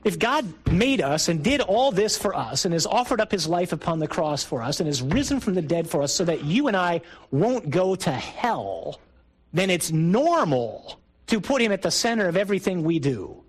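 A middle-aged priest gives a sermon talk to a men's group, conversational and emphatic with rising bursts. His voice is high-pitched, husky, and very animated at normal speed. The audio quality is poor.

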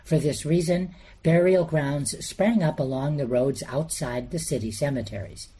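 Mellow-voiced man narrating history. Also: a little high, husky. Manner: measured, explanatory, lists names and dates steadily. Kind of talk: scripted documentary narration.

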